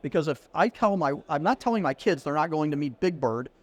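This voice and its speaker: This middle-aged podcast guest talks fairly quickly in a fairly high voice. Recorded at a conference venue, he spins a casual anecdote with energy and performs the dialogue he quotes.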